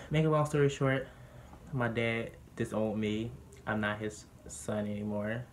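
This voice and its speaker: A young man vlogging, candidly telling a personal story in a lively, animated way that gets heated when he quotes others. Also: on the low side, a little slow, slight background noise.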